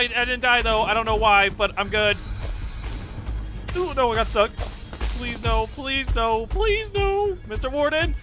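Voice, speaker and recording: A man giving excitable gameplay commentary, yelping, taunting and repeating phrases as he plays. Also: high voice. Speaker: gaming YouTuber. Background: game music.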